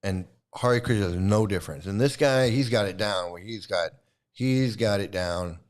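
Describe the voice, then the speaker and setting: A man's voice: on the low side, moderate pace. A man hosting a commentary channel, giving an angry, profane and mocking rant. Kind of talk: ranting commentary.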